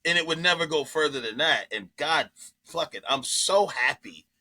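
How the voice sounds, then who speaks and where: Guy comedian spilling a story, bright forceful voice, kinda high, swears a lot, does little voices. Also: moderate pace. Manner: animated, profane, acts out quotes in voices. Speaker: comedian guest. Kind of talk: casual storytelling chat.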